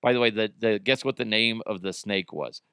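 A man's voice: lowish voice, fairly quick, fairly bright tone, smooth, dry recording, clean studio sound. A man hosting a comedy podcast, riffing crudely and swearing freely as he jokes about the news. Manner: crude, joking, profane. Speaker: podcast host. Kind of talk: casual comedic podcast monologue.

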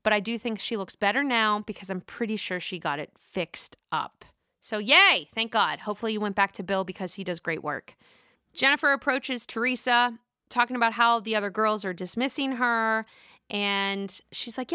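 A woman's voice: fairly high pitch, animated, moderate pace, sharp tone, no room sound, clean studio sound. A woman giving a casual, opinionated and profane recap of a reality show.

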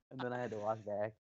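Low-voiced young man joking along. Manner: joking interjections, laughs. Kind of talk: casual chat. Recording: dull lo-fi with clear noise.

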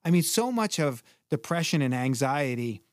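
A man's voice: mid-range voice, normal speed, dry recording, clean studio sound. A man from Boston who teaches breathwork, talking casually and acting out his classes with energy. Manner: animated, acts out his classes loudly. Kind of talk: casual podcast conversation.

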